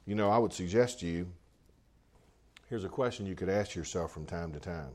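Male pastor, low-pitched, mid-sermon, casual delivery that doubles back on itself. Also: normal speed, a little mellow. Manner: conversational, repeats and restarts phrases.

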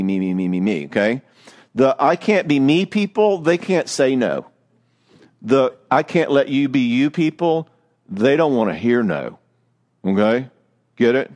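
A man, a therapist giving a lively, joking talk on marriage with some self-mockery. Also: mid-range voice.

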